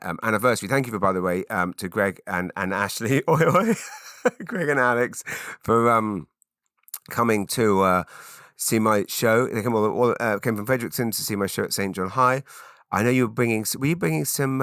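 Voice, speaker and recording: A man's voice: fairly low pitch, moderate pace, a bit bright, no room sound, clean studio sound. A man in his forties with a British accent, hosting a rambling solo podcast, often breaking off mid-sentence and slipping into silly voices. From England. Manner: rambling, self-interrupting, jumps into silly put-on voices. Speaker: podcast host.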